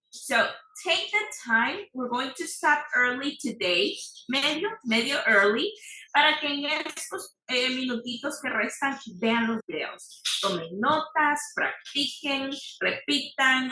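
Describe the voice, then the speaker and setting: A woman teaching an English class, modelling word stress by repeating words slowly. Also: fairly high pitch, animated, pushed and bright, echoey room, rough recording. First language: Spanish. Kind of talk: online class lesson.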